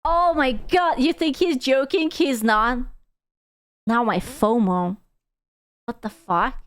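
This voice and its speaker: A woman streamer reacting to a video in casual, excitable commentary, full of exclamations and swearing. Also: sits high, takes it slowly, clean tone, no room sound, clean studio sound.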